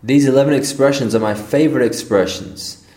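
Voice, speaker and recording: An Australian man reads a scripted lesson at a middling pitch, his voice neither high nor low. He explains each term steadily and plainly, like a teacher working through a list. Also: a little fast, mellow. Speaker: English teacher.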